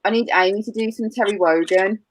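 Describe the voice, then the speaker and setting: A woman's voice: mid-range voice, brisk, a little hiss or hum, poor audio. A woman chatting on a group video call, cheerfully teasing the others with questions. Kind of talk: casual chat.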